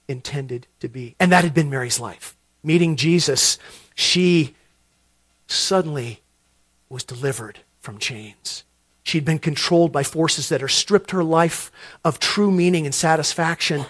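A middle-aged man preaching a sermon, telling a story and repeating words as he builds to loud emphasis. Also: a little high, normal speed, no echo. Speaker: pastor.

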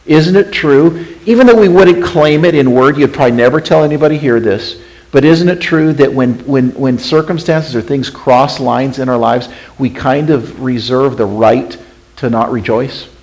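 A man preaching a sermon as pastor, questioning the congregation and swinging between hushed, intimate passages and emphatic, raised ones. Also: mid-range voice, normal speed, rough recording.

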